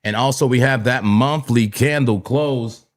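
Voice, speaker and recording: A man from New Jersey with a Jersey accent, hosting a live trading stream, hyped and repetitive, giving shout-outs and laughing often. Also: mid-range voice, unhurried. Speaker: crypto trading livestream host. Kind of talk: live-stream chat and market talk.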